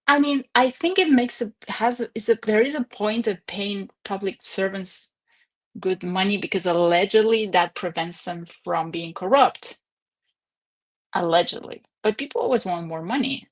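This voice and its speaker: A woman's voice: medium pitch, vocal fry, breathy edge. Woman in her twenties or thirties, casual stream host, rambling chatty delivery, recorded at home. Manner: chatty, rambling, laughs often. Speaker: livestream host. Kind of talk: casual livestream chat.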